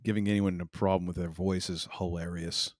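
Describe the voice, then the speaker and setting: A man's voice: sits low, little pitch movement, fairly quick, dry recording, studio quality. A man co-hosting a podcast, chatting casually about wrestling, rambling with lots of restarts and laughs. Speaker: podcast co-host.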